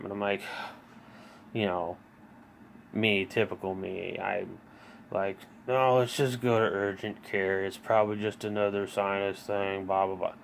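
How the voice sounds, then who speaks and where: A man in his thirties with a lowish, gravelly voice tells his own story in a loose, rambling way. He fills every pause with fillers, restarts often and swears freely. Faint room noise sits under his voice. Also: little pitch movement. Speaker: vlogger. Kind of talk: casual personal storytelling.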